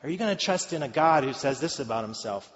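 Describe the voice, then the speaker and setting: A man preaching a sermon in a relaxed, conversational way, with joking asides to the congregation. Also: mid-range voice, quick pace. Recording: echoey hall, dull lo-fi sound.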